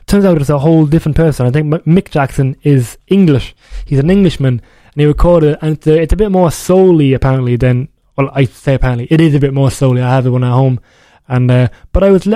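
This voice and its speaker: A man's voice: a little high, fast, mellow, no echo. A young man hosting a music radio show, chatting casually in a rambling way and often correcting himself. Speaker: radio DJ host.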